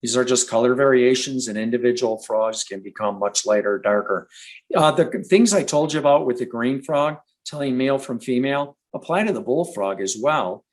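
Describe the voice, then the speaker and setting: A man from Michigan teaching about frogs in a relaxed, chatty live presentation, now and then imitating frog calls. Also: mid-range voice, low-quality recording. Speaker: nature educator.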